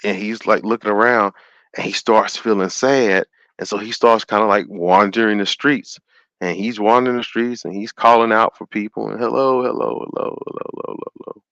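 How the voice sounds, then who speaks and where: A man hosting a call-in show, retelling a story in an animated, sermon-like way and acting out the quotes. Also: lowish voice, normal speed, dry recording, dull audio.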